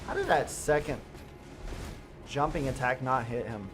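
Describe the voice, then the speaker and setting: A man giving chatty live gameplay commentary as a streamer, talking straight to his viewers and breaking into excited outbursts. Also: medium pitch, measured pace, over music. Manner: chatty, addresses viewers directly. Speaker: gaming streamer.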